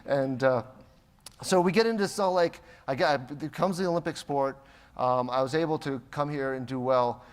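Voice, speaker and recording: A man's voice: mid-range voice, normal speed. A man from the United States giving a motivational keynote, telling anecdotes and acting out the people in them. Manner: animated anecdotes, acting out quoted voices. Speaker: keynote speaker. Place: large conference hall. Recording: long reverb of a conference hall.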